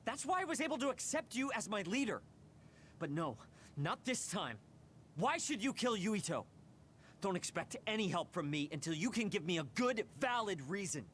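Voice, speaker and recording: A brash hot-headed young fighter. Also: male voice, high voice, very animated, moderate pace, fairly bright tone, slight background noise. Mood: confrontational. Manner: brash, confrontational. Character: hot-headed blunt young man teammate. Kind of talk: video game voice acting.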